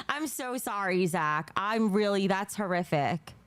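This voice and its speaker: A woman livestreams and reads chat donations while feeling nauseous and unwell, rambling, apologizing, swearing, and breaking into awkward giggles. Her medium-pitched voice is expressive and fairly bright, a little slow with few pauses. The sound is clean, with no echo.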